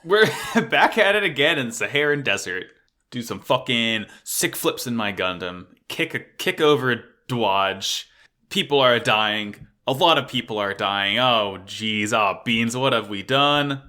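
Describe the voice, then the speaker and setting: A man co-hosting a podcast, chatting excitably and swearing often. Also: medium pitch, a little slow. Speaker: podcast co-host. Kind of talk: casual chat.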